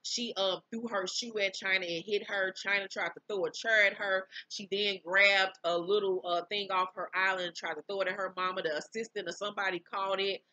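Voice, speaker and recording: A woman host recapping events in a blunt, candid way, cursing freely as she talks. Her voice is bright and forward, with a dry close sound and no room around it. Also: mid-range voice, fairly even intonation, a little fast, few pauses, dry recording, muffled recording. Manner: blunt, candid, profane storytelling. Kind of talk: casual recap of a reality show.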